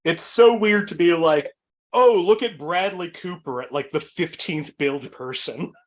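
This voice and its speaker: A man's voice: fairly high pitch, a little slow. A man with a Boston accent hosting a comedic trivia game show over a video call, rambling, with many fillers and frequent laughs.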